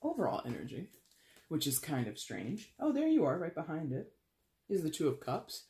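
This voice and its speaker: A man's voice: a little high, wildly swooping pitch, moderate pace, darkish tone. A man giving a casual tarot reading, talking in a chatty, blunt, wry way with lots of fillers. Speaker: tarot reader. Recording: roomy echo.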